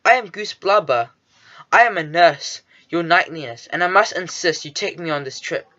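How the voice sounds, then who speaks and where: A reader voicing a loud, bossy female goose nurse who never stops talking and can be rude. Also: medium pitch, lively intonation, moderate pace, dull audio.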